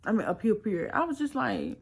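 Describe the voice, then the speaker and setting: A woman's voice: a little high, expressive, brisk, vocal fry, breathy edge. A young woman casually telling a personal story on her vlog, chatty and full of slang, often quoting what others said. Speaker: storytime vlogger.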